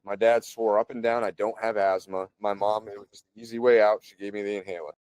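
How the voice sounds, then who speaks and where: A man in his thirties speaks in a low voice, recorded close and dry with no room sound. He tells stories in a loose, chatty way, full of fillers, and clears his throat now and then. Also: fast, no echo. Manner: relaxed, chatty, frequent "like" and "you know". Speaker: podcast guest. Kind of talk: casual conversational storytelling.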